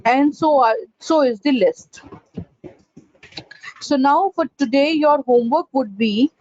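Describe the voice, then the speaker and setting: A woman teaching a pronunciation class, halting with fillers and repeating corrected words in a slow drill. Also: high-pitched, a little mellow, muffled recording. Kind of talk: online class lesson.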